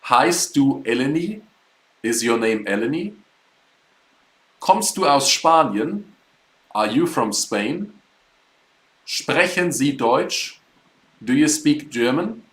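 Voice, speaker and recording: Man, language teacher, slow patient explaining, roomy echo, mid-pitched voice. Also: very animated, a bit bright. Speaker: German teacher. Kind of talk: live online language class.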